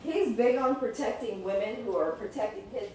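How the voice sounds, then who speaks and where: A woman chatting on a live stream from home in a gossipy, animated way, now and then drifting into sing-song lines. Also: a little high, moderate pace, a little hiss or hum. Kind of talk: rambling casual live-stream chat. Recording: roomy echo with faint ambience.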